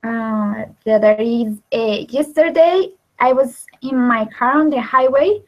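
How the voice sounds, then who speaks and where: A woman student reads her sentences slowly in a slightly high voice. She stops often, bridging gaps with short filler sounds. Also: dull audio.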